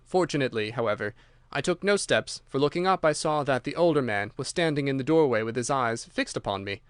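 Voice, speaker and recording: A man narrating a short story as an audiobook in a steady, measured way. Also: mid-range voice, clean tone, no room sound, studio quality. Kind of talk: scripted narration.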